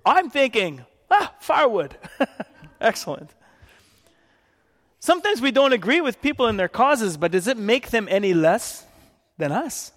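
Preaching with great animation, this Canadian man tells stories full of laughs and dramatized quotes, his voice pitched high for a man and fairly bright. He speaks a little slowly, leaving long pauses. The recording carries a long, ringing hall reverb.

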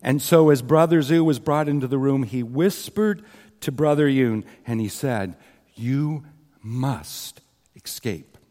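A man's voice: mid-range voice, lively intonation, normal speed, dark tone. A man preaching a sermon, earnestly retelling a story with quoted scripture and asides to the congregation. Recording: long hall reverb.

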